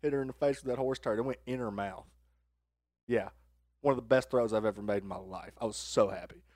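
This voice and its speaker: A man's voice: on the low side, brisk, a little mellow, dry recording, clean studio sound. A man co-hosting a podcast, telling a crude story in casual chat and laughing along the way. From Arkansas. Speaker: podcast co-host.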